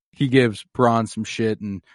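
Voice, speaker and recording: Casually recapping episodes with his podcast co-host, this man curses freely and performs characters' lines in rapid mock voices. He speaks on the low side with fairly even intonation, over slight background noise.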